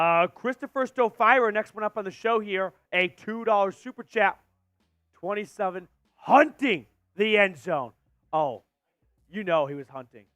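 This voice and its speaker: A man hosting a live stream and calling a football game as a fan, getting excited and shouting on big plays. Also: sits high, no echo. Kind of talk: fan play-by-play commentary.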